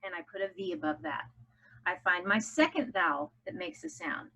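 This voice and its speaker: A woman's voice: mid-range voice, sing-song, normal speed, pushed and bright, slightly rough. A woman teaching a phonics lesson to children, upbeat and coaxing them to chant along. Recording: dull lo-fi home video audio.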